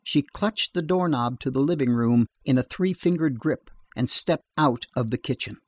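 A man narrating a horror story in a steady, measured reading voice. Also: medium pitch, no room sound.

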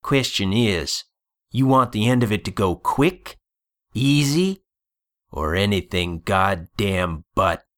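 A man's voice: fairly low pitch, lively intonation, takes it slowly, a bit bright. A man doing a snarling gunslinger hex. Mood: menacing. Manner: snarling, threatening. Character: mean, cocky young male hex gunslinger.

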